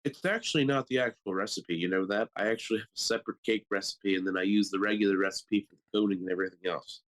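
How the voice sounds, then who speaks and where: A man, co-hosting a podcast and telling funny stories in a casual, animated way, often laughing. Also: fast talker, poor audio. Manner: animated, acts out quotes in high squeaky voices; laughs often mid-story. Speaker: podcast co-host. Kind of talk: casual comedic storytelling.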